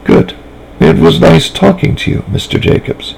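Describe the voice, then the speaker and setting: A man reading a story aloud, voicing a serious young girl who speaks in a measured, formal way. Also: a little high, vocal fry, a little mellow, slight background noise, voice pushed up, poor audio. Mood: composed. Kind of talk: fan fiction reading aloud.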